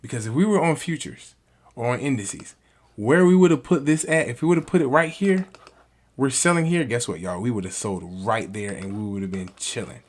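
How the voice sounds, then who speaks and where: Excitable man explaining trades to viewers. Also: brisk, slight background noise. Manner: excitable, talks to viewers as "y'all"; swings from hushed to loud and high when excited. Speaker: trading educator. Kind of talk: casual screen-share trading lesson.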